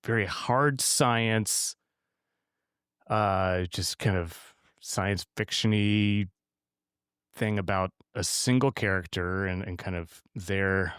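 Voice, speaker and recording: A man with a fairly low voice co-hosts a casual podcast and tells stories in a rambling way, full of restarts and little laughs. The sound is dry and close, with no room around it. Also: slow, a bit bright, clear, resonant tone, no echo. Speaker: podcast co-host. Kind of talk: casual chat.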